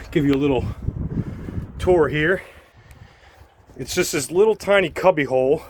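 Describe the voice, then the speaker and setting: A man vlogging as he climbs a tall outdoor tower, out of breath, chatty and excited, recorded on a handheld phone. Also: on the high side, a little hiss or hum. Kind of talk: casual narration while climbing. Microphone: handheld phone camera.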